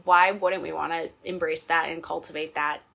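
Affirming woman podcast co-host, lowish voice. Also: steady tone, moderate pace, vocal fry, bright, forceful tone. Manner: affirming, reflective, many "yeah"s. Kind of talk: casual chat.

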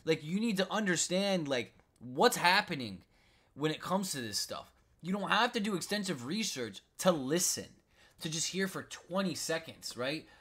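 A man's voice: fairly high pitch, animated, moderate pace, a bit bright. A man from the United States ranting about politics in a vlog, frustrated and repetitive, throwing in "bro" and "like". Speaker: commentary vlogger. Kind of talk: political rant.

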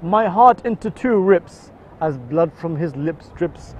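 High-voiced man reciting a mournful poem. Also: sing-song, measured pace, a little hiss or hum. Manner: emotive lament delivery, voice swelling on cries and dropping soft at line ends. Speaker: religious poetry reciter. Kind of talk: explaining then reciting a mournful devotional poem. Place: outdoors in a city. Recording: dull, muffled outdoor recording.

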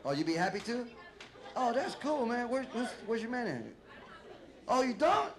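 A man's voice: extremely high pitch, animated, fairly quick. A male stand-up comedian, doing a crude, rambling set full of swearing and acted-out bits, on a club stage with a handheld mic. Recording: loud crowd laughter and room noise.

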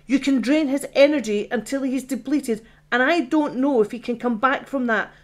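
A woman's voice: sits high, moderate pace, pitched above the performer's own voice, lightly acted. Woman voicing a frightened male AI, pleading, exasperated, audiobook.

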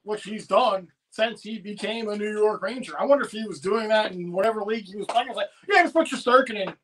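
A man hosting a casual livestream, excitedly rambling about his team's win and swearing freely. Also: sits high, fast, low-quality recording. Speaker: livestream host and fan commentator. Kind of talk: casual post-game chat.

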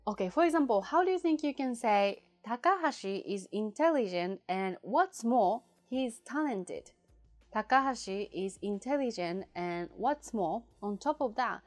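A woman whose first language is Japanese, teaching a casual language lesson and patiently repeating example phrases slowly and clearly. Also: medium pitch.

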